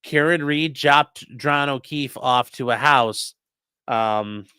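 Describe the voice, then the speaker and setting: A male host giving livestream commentary in an animated, sarcastic way, reacting to clips and reading chat aloud. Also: mid-range voice, slow pace, smooth, no echo, clean studio sound.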